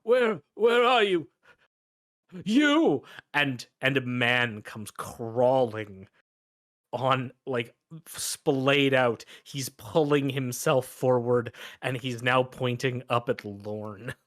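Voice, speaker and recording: A man's voice: medium pitch, fairly even intonation, a bit bright, no room sound. Male game master, casual narration, dry close sound. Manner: casual, halting, lots of restarts.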